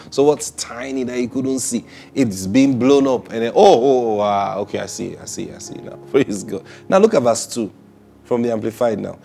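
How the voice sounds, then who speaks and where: Gravelly preacher man with soft music behind. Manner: emphatic, rises to loud high peaks on key lines; laughs often between points. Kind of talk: sermon.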